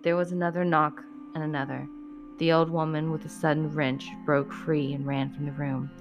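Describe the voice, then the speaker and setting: A woman reading a horror story aloud in a steady, measured way, then chatting to her listeners. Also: sits low, lo-fi sound, music in the background.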